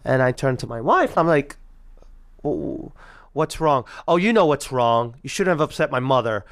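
A man in his thirties with a medium-pitched voice recounts a personal story in the first person at normal speed. He's animated, acting out the people involved.

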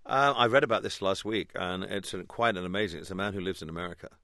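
A man's voice: low voice, fast talker, bright, forceful tone, no room sound, clean studio sound. A man speaking as a guest on a radio interview, hesitant, with many ums and restarts.

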